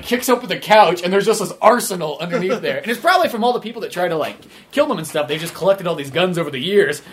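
A man's voice: high-pitched, slight background noise. A man co-hosting a movie podcast, chatting casually and profanely, laughing often and acting out scenes. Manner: profane, laughing, acts out scenes in loud put-on voices. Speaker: podcast co-host. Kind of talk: casual movie review chat.

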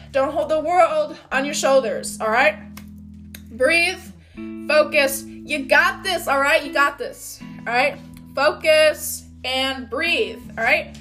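A woman hosting a motivational podcast, talking loudly in an outgoing, upbeat and encouraging way. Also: high voice. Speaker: podcast host.

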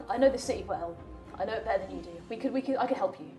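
A woman playing a tabletop game, talking low and soft in character. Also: lively intonation, very fast, reverberant, recorded from a distance, faint music behind. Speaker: player. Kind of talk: tabletop role-play.

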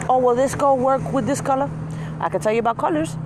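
Profane, animated ranter in a noisy car. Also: high voice, fast talker. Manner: profane, animated storytelling with mocking quoted voices. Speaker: vlogger. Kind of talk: casual rant.

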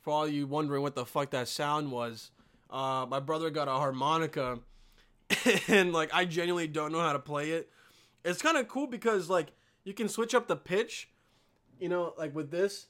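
Ranting on his casual solo podcast, a young Bosnian host curses freely, stays animated, and keeps calling listeners "dude" and "man." He speaks at normal speed in a fairly high voice.

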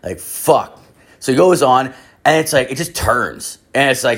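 A man's voice: mid-range voice, lively intonation, unhurried, fairly bright tone. A man in his thirties telling a rambling, exasperated story, swearing constantly. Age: 30s. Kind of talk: profane comic storytelling rant.

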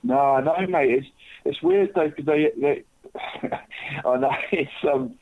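A man's voice: fairly high pitch, unhurried, slight background noise. A man chatting casually as a podcast co-host, rambling and calling everyone "mate". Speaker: podcast co-host, football tipster. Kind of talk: casual chat. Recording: tinny phone-like line.

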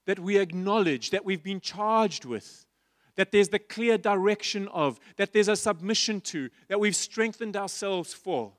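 A pastor with a high-pitched, unhurried voice delivers a passionate, repetitive church sermon, posing rhetorical questions to his listeners. The recording is dry, with clean studio sound.

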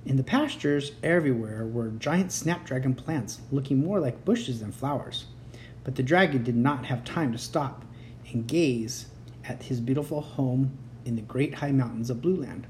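A storyteller reading a children's chapter book aloud, gentle and even in delivery. The tone is soft and warm, with a faint ambient hiss behind it. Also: medium pitch, normal speed.

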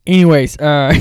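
Man, fairly high voice, very animated pitch, dry close mic, skeptical sports chat. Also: clean tone. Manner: skeptical, animated, laughs easily. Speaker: podcast co-host. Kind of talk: casual sports banter.

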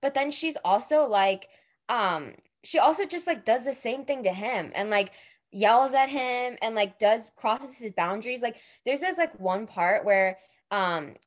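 A woman's voice: fairly high pitch, measured pace. A young woman in casual chat about a book, filling nearly every phrase with "like" and acting out the characters' lines. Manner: says "like" constantly, animated retellings. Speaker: book discussion co-host.

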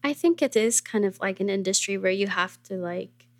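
A woman's voice: mid-range voice, moderate pace. Laid-back woman host chatting. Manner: relaxed, lots of "like". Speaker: podcast host. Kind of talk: casual interview chat.

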